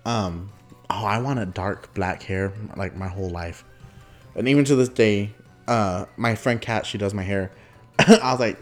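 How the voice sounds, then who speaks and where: A man's voice: on the low side, measured pace, soft background music. A young adult man hosting a podcast, telling a childhood story casually, laughing often and acting out quotes. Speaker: podcast host.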